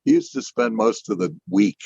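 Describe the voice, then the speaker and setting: A man's voice: fairly low pitch, sing-song, normal speed, gravelly, mellow, breathy edge, no room sound, dull audio. An older man telling his career story in a rambling, self-deprecating way, often restarting his sentences. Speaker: interview guest, animator. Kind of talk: casual storytelling.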